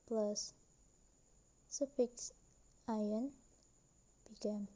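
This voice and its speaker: A young woman student slowly reading a class presentation with careful, deliberate delivery. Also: fairly high pitch, steady tone, warm tone, dull audio. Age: young adult.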